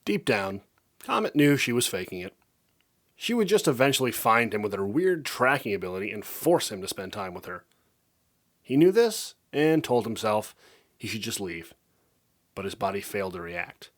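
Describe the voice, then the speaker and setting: Man narrating fan fiction; low, animated, expressive storyteller. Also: normal speed. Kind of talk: reading fan fiction aloud.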